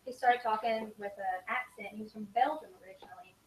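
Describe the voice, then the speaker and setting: A woman telling travel stories to a group in a casual, animated way. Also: fairly high pitch, fast talker. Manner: animated, acts out quoted lines. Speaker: student speaker sharing travel stories. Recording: echoey room from a distance, faint hiss.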